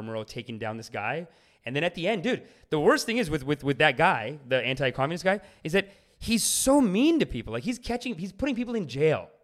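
A man in his late thirties chatting casually on a podcast, an animated storyteller who acts out the people he talks about. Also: medium pitch. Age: 30s. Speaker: podcast host. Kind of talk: casual chat.

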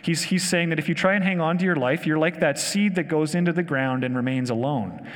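Enthusiastic pastor in a reverberant hall. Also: male voice, a little high, brisk. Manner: conversational, enthusiastic, asks the room questions. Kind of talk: sermon.

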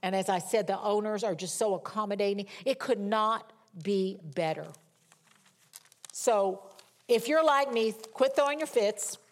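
A middle-aged woman preacher reading scripture and telling a humorous personal story in a lively sermon. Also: mid-range voice, unhurried.

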